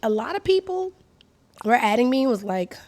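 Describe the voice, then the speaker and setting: A woman hosting her own show in a crude, sassy comedic monologue that swings from low mutters to loud outbursts. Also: big pitch swings, moderate pace. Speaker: show host.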